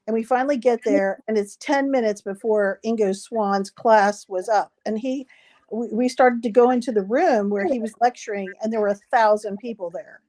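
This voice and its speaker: Woman clearing her throat while storytelling. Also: fairly high pitch, normal speed. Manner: lively retelling, acting out quoted dialogue. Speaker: psychic guest. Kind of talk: anecdotal storytelling in an interview.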